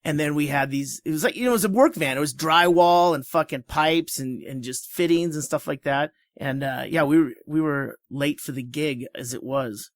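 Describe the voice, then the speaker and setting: A man co-hosting a podcast chats loosely, laughs a lot and throws in quick jokes. His voice sits a little higher than most men's. The recording is dry and close. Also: dry recording. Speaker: podcast co-host. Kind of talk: casual chat.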